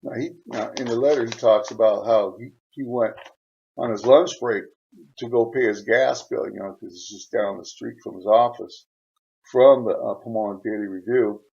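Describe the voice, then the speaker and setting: A man hosting his channel, retelling a viewer's letter in a rambling way, chuckling often and filling pauses with "uh.". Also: on the low side, steady tone, gravelly, a little mellow, muffled recording. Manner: rambling, chuckling, frequent fillers. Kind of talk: casual storytelling.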